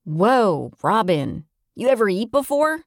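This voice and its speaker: A woman's voice: medium pitch, sing-song, slow, no echo, voice pushed up. A female narrator voicing a brash young guy contestant, teasing, storybook reading with a dry sound. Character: cheeky young male contestant, teasing then showy.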